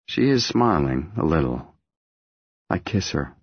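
A man narrating an audiobook in the first person, measured and intimate. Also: sits low, expressive, slightly rough, no echo, highs cut off.

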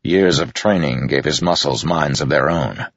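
Very deep gravelly male narrator. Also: no echo, highs cut off. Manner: measured, dramatic reading. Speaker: audiobook narrator. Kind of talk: scripted narration.

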